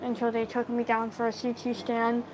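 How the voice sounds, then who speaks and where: A woman's voice: fairly high pitch, completely flat delivery, moderate pace, noisy background. A woman telling a personal story in a casual storytime, rambling and acting out what everyone said. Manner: rambling, acts out quoted dialogue; filler-heavy retelling, lots of "I'm like".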